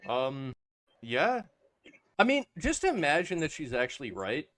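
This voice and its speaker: A man's voice: fairly high pitch, wildly swooping pitch, unhurried, a bit bright, no echo. A man co-hosting a casual podcast, rambling with lots of hesitations and restarts. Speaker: podcast co-host. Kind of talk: casual chat.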